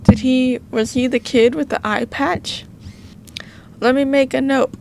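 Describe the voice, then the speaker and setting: A woman's voice: high-pitched, steady tone, unhurried, creaky, a little mellow, slight background noise. A woman with a Southern US accent chatting through a detective game as a gaming host, tired and with a worn voice, thinking aloud and using cutesy stand-ins for swears. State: tired, voice wearing out. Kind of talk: casual let's-play commentary.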